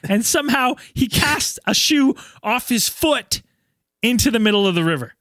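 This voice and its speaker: A man hosting a casual podcast, telling a story in an animated way with lots of swearing. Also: very high voice, moderate pace, no echo, clean studio sound. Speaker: podcast host.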